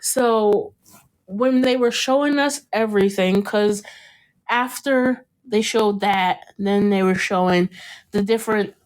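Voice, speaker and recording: A woman hosting a podcast, chatting casually about a TV show, animated and laughing often, with casual swearing. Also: mid-range voice, takes it slowly, smooth. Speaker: podcast host. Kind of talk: casual chat recapping a TV show.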